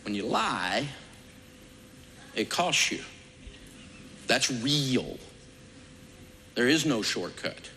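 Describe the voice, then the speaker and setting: Man, animated storyteller, stammering restarts, lively pitch, echoey hall, background noise. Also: extremely slow, pauses often. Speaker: speaker. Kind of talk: storytelling talk.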